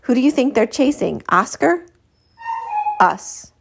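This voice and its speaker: Woman reader plays a clipped, tense kid leader, gravelly. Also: high voice, sing-song, takes it slowly, soft background music, voice pushed up, exaggerated voice. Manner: hushed, clipped.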